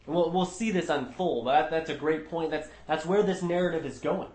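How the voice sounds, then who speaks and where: Man leading a Bible study, slightly high voice, earnest and emphatic, roomy echo. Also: fairly quick, darkish tone. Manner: earnest, emphatic, with frequent restarts.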